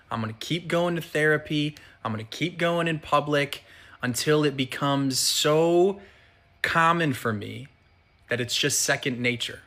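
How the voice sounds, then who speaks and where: Male vlogger, candid storytelling, bright tense tone, earnest. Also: medium pitch. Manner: earnest, candid, builds to emphatic repetition. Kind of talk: personal storytelling monologue.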